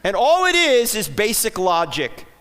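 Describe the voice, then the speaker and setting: Punchy high-pitched New preacher. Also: male voice, wildly swooping pitch, measured pace, fairly bright tone, clean tone, big-room sound. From New Jersey. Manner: punchy, joking, rhetorical questions. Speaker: conference speaker. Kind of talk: sermon-style talk to a live audience. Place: church auditorium.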